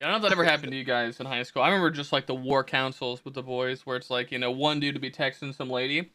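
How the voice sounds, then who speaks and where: A young man hosting a casual podcast, animated and profane, acting out mocking quotes of others. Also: medium pitch, rapid-fire, no echo, studio quality. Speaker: podcast host. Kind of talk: casual chat.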